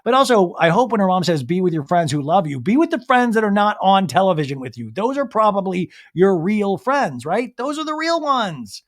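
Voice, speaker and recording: A man hosting a podcast who recaps a reality show in a casual, snarky, animated way. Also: high-pitched, a little fast, few pauses. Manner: animated, snarky, acts out quotes. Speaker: podcast host.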